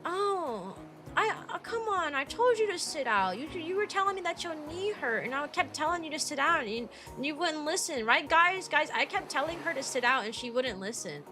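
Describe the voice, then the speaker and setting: A defensive male section leader, played by a woman, pleads his case to the group in a raised, high voice. He sounds self-excusing and keeps appealing for backup, with music behind. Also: big pitch swings, moderate pace, pushed and bright, heavily acted.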